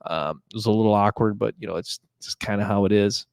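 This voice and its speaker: Young male podcast host, low and monotone, rambling casual talk, dry close mic. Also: fast talker, gravelly, no room sound. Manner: rambling, full of fillers and restarts. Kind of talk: casual monologue.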